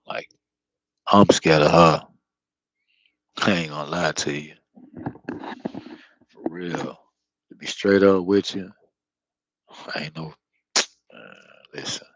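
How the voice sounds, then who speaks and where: A man's voice: very deep voice, vocal fry, no echo, low-quality recording. A man talking in a loose, slangy, profane monologue full of fillers, close to the mic. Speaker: spiritual vlogger. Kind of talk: casual rambling monologue.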